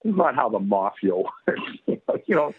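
Man, rambling anecdote, frequent chuckles, raspy voice, tinny radio line. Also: fairly low pitch, very animated, fairly quick. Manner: rambling, laughing often, many fillers. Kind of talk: casual anecdote telling.

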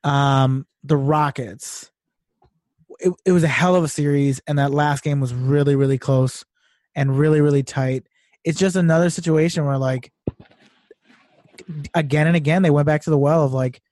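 A man's voice: mid-range voice, a little mellow, no echo, studio quality. A man co-hosting a sports podcast in casual chat, rambling with lots of fillers and restarts. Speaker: podcast co-host.

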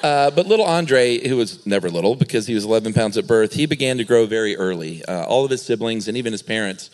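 A man's voice: on the low side, animated, fast, a little mellow. A man co-hosting a live podcast, giving dry, teasing asides and telling part of a story. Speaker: podcast co-host. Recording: live show before an audience.

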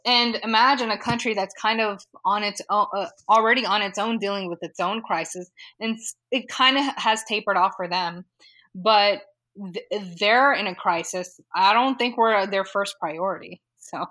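A woman's voice: mid-range voice, a little slow, sharp tone. A woman from California talking casually as a podcast guest, with frequent fillers and easy laughs. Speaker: data modeling guest.

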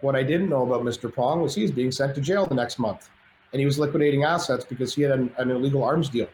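A middle-aged man telling a story as a podcast guest, animated and self-mocking, acting out the dialogue. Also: medium pitch, fast talker, slight background noise. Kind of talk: storytelling in casual chat. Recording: roomy echo, faint ambience.

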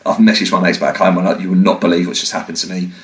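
Man, young, from the UK, podcast guest, lower voice, casual and animated, swears a lot. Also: racing, poor audio. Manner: swearing, animated, acts out quotes. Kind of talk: casual storytelling.

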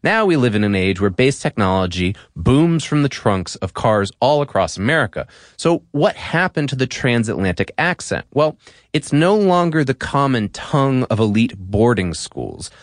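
A man's voice: mid-range voice, very animated, moderate pace, no room sound, clean studio sound. A man hosting a podcast, narrating a scripted explainer in a wry, emphatic way. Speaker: former podcast host.

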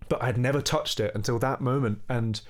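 A young man, a musician guest, telling a story in relaxed conversation and singing short bits of melody as he goes. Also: medium pitch, a little fast. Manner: animated, sings snippets of melody while telling the story.

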